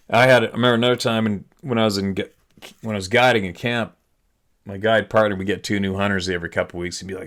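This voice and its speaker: Laid-back low-voiced man host. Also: little pitch movement, a little fast, long pauses, a bit bright. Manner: laid-back, rambling, swears casually. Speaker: podcast host reading listener emails. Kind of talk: casual storytelling and reading aloud.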